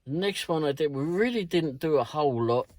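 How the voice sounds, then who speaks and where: A man's voice: on the high side, animated, a little fast, darkish tone, dry recording. A middle-aged British man recounting his delivery shifts in a rambling, casual way, swearing freely and chuckling. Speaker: delivery driver vlogger. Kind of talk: casual storytelling vlog.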